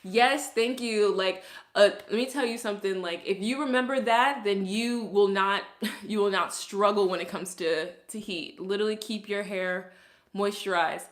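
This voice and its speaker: A woman's voice: medium pitch, moderate pace. Chatty Brooklyn woman, echoey room. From Brooklyn, New York. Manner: chatty, many "like"s, laughs often. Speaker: curly hairstylist and vlogger. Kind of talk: casual livestream tutorial.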